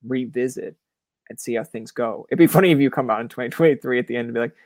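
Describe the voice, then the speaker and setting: A man's voice: medium pitch, fast, a little mellow, no room sound. Profane rambling young Canadian man. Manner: rambling, profane, lots of fillers and acted-out quotes. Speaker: podcast host. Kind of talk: casual chat.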